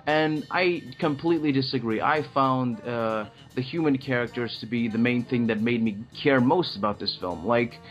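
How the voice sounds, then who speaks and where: A man of ordinary pitch talks in a casual movie chat, excitable and swearing freely as he rambles and restarts. The sound is a little muffled, and faint music sits underneath. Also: normal speed, hardly any pauses. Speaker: podcast co-host.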